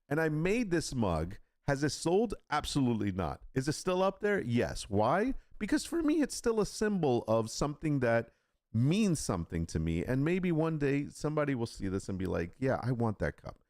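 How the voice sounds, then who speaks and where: A man chats casually on a live stream, rambling through asides and restarts. His low voice rises and falls in lively swings. The sound is dry and close, with no room echo. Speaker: live stream host, print-on-demand seller.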